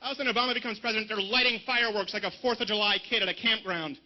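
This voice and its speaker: A man's voice: sits high, steady tone, racing, dull audio. A man raised in Canada doing a stand-up comedy set at an outdoor rally, with punchy delivery and mocking asides.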